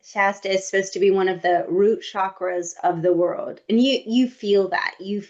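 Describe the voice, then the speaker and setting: A woman co-hosting a podcast, telling stories in a lively, comic, casual way with playful asides. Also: medium pitch, normal speed, highs cut off. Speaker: podcast co-host. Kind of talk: casual storytelling chat.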